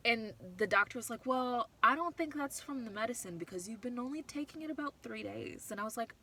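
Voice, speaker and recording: A woman's voice: fairly high pitch, expressive, fairly quick, sharp tone, rough recording. A tired young woman vlogging from a car, talking openly and rambling, often stopping and restarting her sentences. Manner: open, rambling, self-interrupting. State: tired from no sleep. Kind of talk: candid personal talk.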